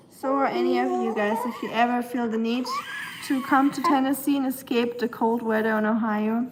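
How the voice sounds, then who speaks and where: A woman's voice: a little high, fairly even intonation, moderate pace, noisy background. A young adult woman with a Southern American accent and a nasal voice, chatting casually on a livestream from home. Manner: chatty, talks to her dog in a sing-song baby voice. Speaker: livestream host. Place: home kitchen.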